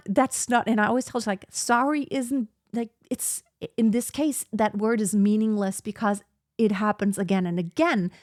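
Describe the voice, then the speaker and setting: A woman with a voice on the high side hosts a podcast, recorded with studio quality and no echo. She talks through advice in a chatty, reflective way, filling her speech with "like."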